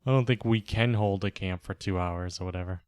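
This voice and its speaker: A man's voice: sits low, fairly quick, darkish tone, clean tone, no room sound. A man playing an online game with a friend, chatting casually and making dry, wry remarks. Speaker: fellow player. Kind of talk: casual gaming chat.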